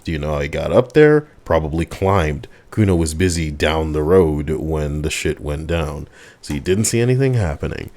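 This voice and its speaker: A man playing a video game, reading its dialogue aloud in a low-key drawl with sighs and cursing. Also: expressive, moderate pace, a little mellow. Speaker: let's play gamer.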